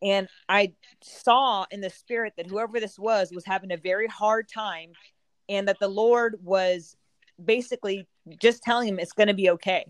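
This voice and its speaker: A woman's voice: medium pitch, steady tone, moderate pace, no room sound. A woman guest giving an earnest personal testimony in a casual chat. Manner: earnest storytelling, some restarts.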